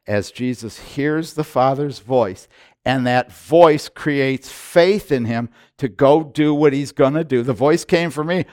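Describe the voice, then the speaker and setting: A man preaching a sermon, moving from loud emphatic lines to quiet, hushed ones. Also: medium pitch. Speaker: pastor.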